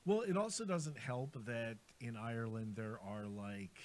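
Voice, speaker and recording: An American man chatting casually as a co-host, rambling and quick to laugh. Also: medium pitch. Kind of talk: casual radio chat.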